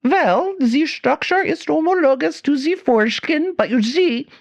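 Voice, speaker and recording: Shrill mad professor, fake German accent. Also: female voice, lively intonation, a little slow, vocal fry, no room sound, exaggerated voice. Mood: frantic. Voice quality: shrill, squawking. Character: wild-eyed mad female professor, shrill and frantic.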